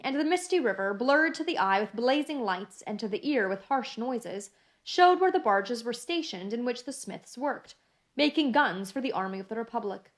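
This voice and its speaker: A woman narrating a classic novel in a measured, even reading style. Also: fairly high pitch. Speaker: audiobook narrator.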